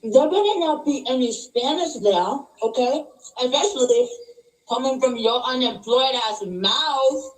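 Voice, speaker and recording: Man voicing a high, shrill scolding woman, slow delivery, roomy distant sound. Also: lively intonation.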